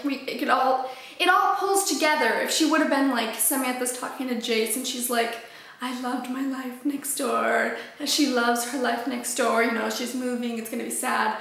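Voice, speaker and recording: A young woman giving a gushing, excitable book review in casual talk. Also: high voice, gravelly. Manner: gushing, excitable, lots of fillers. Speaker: book vlogger. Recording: very echoey room.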